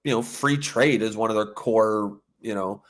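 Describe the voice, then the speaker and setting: A man's voice: lowish voice, normal speed. A man co-hosting a political talk show, rambling through his points and closing the episode. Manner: rambling, lots of fillers and restarts. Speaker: podcast co-host. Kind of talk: casual political chat.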